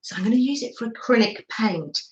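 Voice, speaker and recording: A woman's voice: a little high, expressive, brisk, reverberant, muffled recording. An English woman hosting a live crafting stream, chatting to viewers in a gushing way with frequent little laughs. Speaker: craft livestream host.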